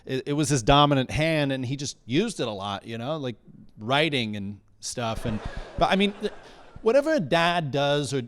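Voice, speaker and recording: A man's voice: mid-range voice, animated, moderate pace, fairly bright tone. A man doing a stand-up comedy routine in a small comedy bar, telling stories in a wry, rambling way and often correcting himself mid-sentence.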